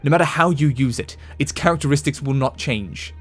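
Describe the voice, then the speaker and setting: A man reading the lines of a stern older doctor from a game, in a measured, lecturing manner. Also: medium pitch, soft background music, lightly acted. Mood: grave.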